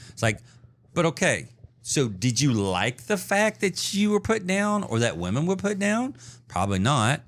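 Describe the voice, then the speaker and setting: Podcast co-host, man, mid-pitched, lively swooping delivery, emphatic rants. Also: moderate pace. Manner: animated, emphatic ranting with repeated restarts. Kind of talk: casual chat.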